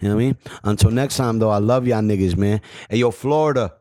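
A man's voice: lowish voice, quick pace, a little mellow. A man hosting a podcast in loose, profane, joking banter. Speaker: podcast host.

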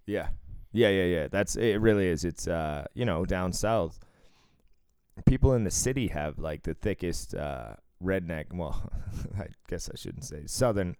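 Deep-voiced man, swearing and laughing. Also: lively intonation, measured pace, darkish tone, clear, resonant tone, dry recording. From Cambridge, Massachusetts. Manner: swears freely, laughs often, rambling. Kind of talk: casual chat.

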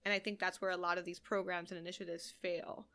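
A woman host with a gravelly, creaky voice. She speaks in a reflective, measured way and affirms what her guest says. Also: lowish voice, level tone, pushed and bright. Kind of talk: conversational interview.

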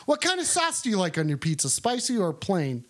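High, lively trolling man. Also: a little fast, a little hiss or hum. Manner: trolling, mocking, argumentative. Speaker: host taking calls. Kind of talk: comedic phone bit.

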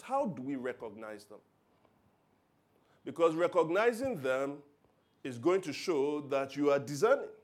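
A man preaching a sermon, telling stories with loud emphatic bursts and quiet asides. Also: medium pitch. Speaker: pastor.

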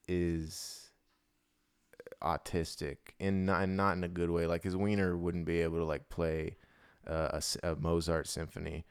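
A man's voice: deep voice, creaky, smooth, no echo, studio quality. A young man co-hosting a podcast, rambling through crude comedic banter. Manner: rambling, vulgar, breaks into mock rap singing. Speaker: podcast co-host.

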